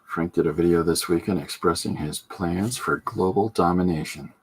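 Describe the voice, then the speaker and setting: On a live stream, a man chats loosely while demonstrating comic inking and coloring, rambling and joking with plenty of fillers in this casual drawing demo. His voice is low and slightly rough, with a steady tone and moderate pace.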